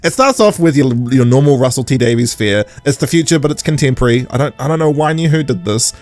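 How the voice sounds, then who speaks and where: A man's voice: mid-range voice, animated, darkish tone, faint music behind. A man hosting a podcast in casual chat, rambling and laughing often. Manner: rambling, laughs often, acts out scenes in quick voices. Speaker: podcast host.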